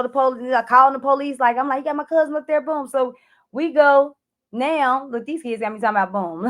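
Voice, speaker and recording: A woman clarity coach telling an emotional personal story to camera, addressing viewers directly and acting out her own frantic cries for help. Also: fairly high pitch. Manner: animated, addresses viewers as y'all, acts out her own panicked shouts.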